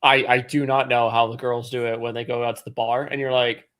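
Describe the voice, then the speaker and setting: A man who is an author guest on a podcast, rambling and thinking out loud in casual chat. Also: mid-range voice, level tone, brisk, hardly any pauses, smooth.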